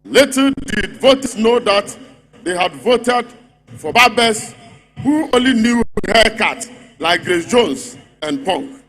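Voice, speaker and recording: A Ghanaian man with a high voice delivers a rally speech in a mocking, rhetorical manner. He keeps hammering a repeated refrain, and his voice rings with the long reverb of a big congress hall. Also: lively intonation, slow, fairly bright tone. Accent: Ghanaian English. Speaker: party speaker at a congress.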